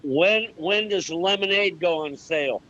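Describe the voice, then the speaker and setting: A man's voice: high-pitched, unhurried, bright, forceful tone, lo-fi sound. A man on a video call giving brief, dry replies. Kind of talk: casual chat on a video call.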